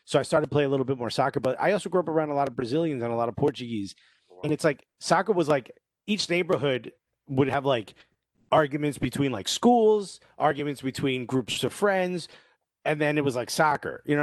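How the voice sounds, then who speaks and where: A man in casual podcast chat, telling lively stories and mimicking accents. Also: fairly high pitch, dry recording. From Cuban family, grew up in New Jersey. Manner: animated storyteller, quick to mimic accents.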